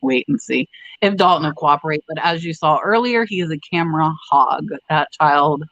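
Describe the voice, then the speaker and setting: Bright chatty woman hosting a livestream. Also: low voice, moderate pace, no room sound, muffled recording. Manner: rambling, chatty, reads out viewer comments. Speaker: livestream host. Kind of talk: casual live chat.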